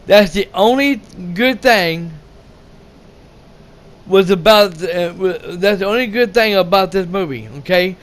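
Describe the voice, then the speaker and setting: A young male movie reviewer with a high voice rambles a little slowly through a casual movie rant. He swears a lot, stumbles over his words and restarts, laughs, and shouts out quoted lines.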